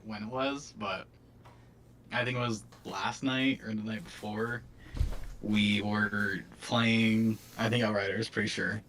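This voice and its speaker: A man's voice: on the low side, a bit bright, slight background noise. A man joining a gaming livestream over voice chat, laid-back and chuckling, his audio coming through robotic and glitchy. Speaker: co-player on stream.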